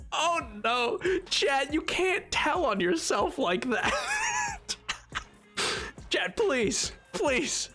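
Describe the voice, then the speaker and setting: A man streaming a game live, chatting with his viewers in an excitable, playful, self-mocking way. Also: extremely high pitch, drawn-out words, faint music behind.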